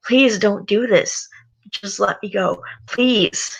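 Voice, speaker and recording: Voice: mid-range voice, takes it slowly, vocal fry, a bit bright, slightly rough, voice pushed up, heavily acted, rough recording. A reader voicing a terrified captive young man who begs and cries for help. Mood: pleading. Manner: pleading, frightened.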